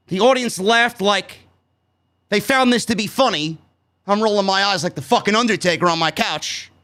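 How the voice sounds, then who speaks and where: New york guy ranting about wrestling, high voice, bright and loud, swears constantly. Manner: loud, sarcastic, swears a lot, shouts often. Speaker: wrestling show reviewer. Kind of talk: animated profane show review rant.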